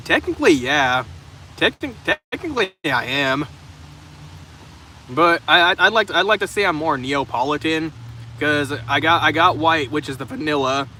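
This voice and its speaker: A man's voice: fairly high pitch, sharp tone. A young man live streaming from the open trunk of his car in the rain. He chats casually with viewers in a profane, rambling way, often stumbling and restarting his sentences. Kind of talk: casual chat answering viewers' comments. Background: faint rain and passing traffic.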